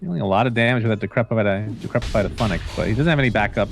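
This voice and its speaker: Excitable male play-by-play caster over music. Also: fairly low pitch, vocal fry. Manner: excitable, joking, quick calls. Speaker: esports caster. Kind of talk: play-by-play commentary.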